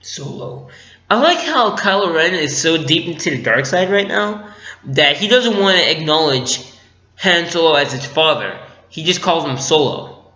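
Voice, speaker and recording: A man riffs through a casual movie review, joking, giggling and playing out scenes. His voice is bright and slightly high. The audio is dull and lo-fi, with a roomy echo. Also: animated, moderate pace. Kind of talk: casual spoiler review vlog.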